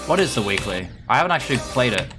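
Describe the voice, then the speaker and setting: Ranting, foul-mouthed English streamer. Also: male voice, mid-range voice, very animated, quick pace, over music. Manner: profane, rambling and ranting. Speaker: game streamer. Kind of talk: casual live-stream chatter.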